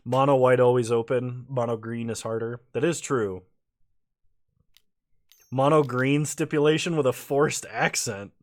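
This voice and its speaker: A man's voice: mid-range voice, a little slow, no room sound, studio quality. A man streaming a card game with casual commentary, laughing often and a little tipsy after a few beers. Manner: laughs often, relaxed and chatty.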